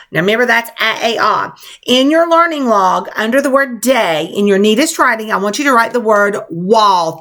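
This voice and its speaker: Woman teacher spelling slowly for children. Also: a little high, fairly bright tone. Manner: slow, clear, encouraging, spells letter by letter. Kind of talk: spelling lesson for young children.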